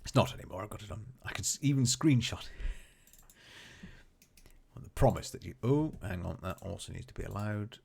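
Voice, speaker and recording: A man's voice: on the low side, animated, brisk, creaky, darkish tone, a little hiss or hum. A man streaming a colony game, rambling casually and chatting to his characters and viewers. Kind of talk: casual live gameplay commentary.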